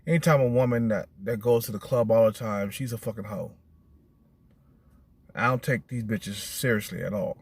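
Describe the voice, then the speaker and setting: A middle-aged man talking casually and bluntly, swearing often and repeating "you know what I'm saying," his voice climbing high and animated when he retells others' words. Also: normal speed, breathy edge. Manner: animated, rising high when quoting texts. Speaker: vlogger. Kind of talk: casual monologue.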